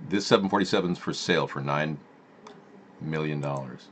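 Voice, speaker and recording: Low-voiced male streamer, chatty, reading news aloud. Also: a little fast, fairly bright tone, a little hiss or hum. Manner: muttering asides while reading headlines. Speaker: live stream host. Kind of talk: casual live stream commentary.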